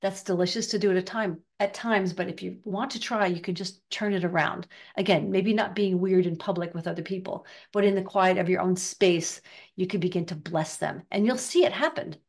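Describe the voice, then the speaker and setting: Older woman, spiritual teacher, casual chat, riffing, lowish voice. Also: gravelly. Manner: chatty, riffing, acts out gossip in quick voices. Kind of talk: casual talk to camera.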